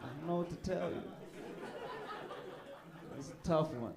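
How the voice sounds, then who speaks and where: A man performing a stand-up comedy set on a club stage, telling stories and pushing his voice loud and high for the punchlines, with the audience laughing. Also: measured pace, creaky, a loud crowd, very noisy.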